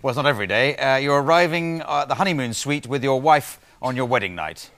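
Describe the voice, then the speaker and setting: A British man hosting an improv comedy game show, setting up games briskly with dry asides and hesitant fillers. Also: mid-range voice, animated. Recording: television studio with loud audience laughter and noise.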